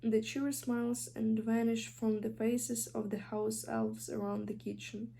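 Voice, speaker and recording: A woman's voice: on the high side, little pitch movement, a little slow, creaky, warm tone. Young Ukrainian-accented woman reading aloud. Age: young adult. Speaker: student reader. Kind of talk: audiobook reading.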